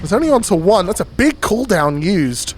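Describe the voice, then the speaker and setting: A young man, casting a live esports match solo, racing through rapid play-by-play that builds to shouting at big fights, with chatty asides to his stream chat. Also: sits high, big pitch swings, slight background noise. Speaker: esports caster. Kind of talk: solo live game commentary.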